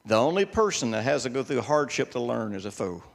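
A man's voice: mid-range voice, very animated, fairly quick, vocal fry, in a large hall. An older man preaching a sermon, telling folksy personal stories and repeating words for emphasis.

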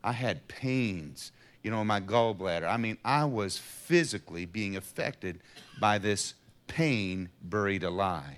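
A middle-aged man earnestly telling a personal faith testimony in an interview, dropping to a hush and then rising to emphatic passages. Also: lowish voice, lively intonation, unhurried. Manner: earnest storyteller, swings from hushed to emphatic. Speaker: guest sharing a personal testimony.

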